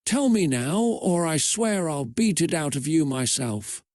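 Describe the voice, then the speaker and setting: A man's voice: on the high side, big pitch swings, measured pace, a little mellow, no echo, clean studio sound. A man reading out a bossy teenage girl who gives curt, demanding orders.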